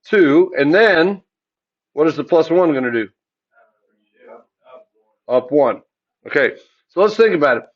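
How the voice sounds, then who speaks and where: A man teaching a math lesson, asking the class questions and answering them himself in a relaxed, chatty way. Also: on the high side, unhurried, long pauses, dull audio. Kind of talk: classroom lecture.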